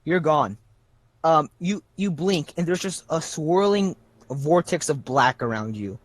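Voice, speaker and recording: A young man narrating as game master of a tabletop game, halting with restarts as he describes the scene. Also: fairly high pitch, animated, no room sound. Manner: halting, many restarts and fillers.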